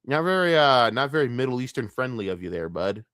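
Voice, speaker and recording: A man's voice: mid-range voice, big pitch swings, brisk, a bit bright, dry recording, studio quality. A man ranting angrily as a streamer reacting to clips, profane and emphatic. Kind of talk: heated commentary rant.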